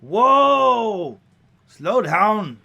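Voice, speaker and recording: A man voicing a brusque, coin-hungry woman carriage driver who barks her lines loudly. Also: extremely high pitch, animated, a little slow, muffled recording, pitched above the performer's own voice, full character voice. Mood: shouting. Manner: loud, clipped, barking.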